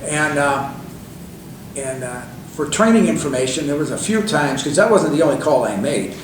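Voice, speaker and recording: A man's voice: on the high side, animated, moderate pace. An older man, a guest in an interview, telling long anecdotes in a loose, conversational way with many fillers and restarts. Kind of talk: rambling anecdotal storytelling. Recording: echoey room, distant mic, faint hiss.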